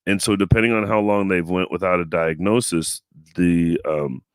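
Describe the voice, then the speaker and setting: Low-voiced American man, laughing comedian. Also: steady tone, normal speed, no echo. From United States. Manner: laughs often, enunciates clearly. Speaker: comedian and show producer. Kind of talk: casual interview chat. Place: home studio.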